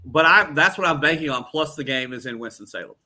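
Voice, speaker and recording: A man's voice: fairly high pitch, fast talker, sharp tone. A man co-hosting a casual college football picks chat, playful and teasing. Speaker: sports show co-host.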